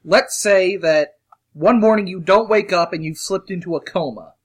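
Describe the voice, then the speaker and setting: A man with a high voice co-hosting a casual chat. He is playful and keeps cutting in with a string of "no, no, no" before he argues his own point. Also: breathy edge. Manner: playful, quick to object with repeated "no, no". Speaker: co-host.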